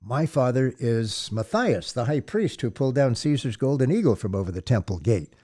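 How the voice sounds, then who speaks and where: A man's voice: mid-range voice, sing-song, normal speed, dark tone. A man voicing a proud young priest in an audiobook, speaking formally and courteously with slight hesitations. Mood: polite. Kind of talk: audiobook character voice.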